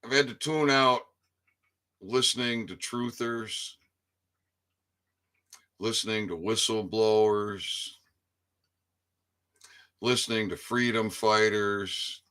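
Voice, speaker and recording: Man, low voice, bright edgy tone, rambling monologue, stammers, swears. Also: slow, long pauses, smooth. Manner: stammers and repeats words, swears freely. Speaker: independent online commentator.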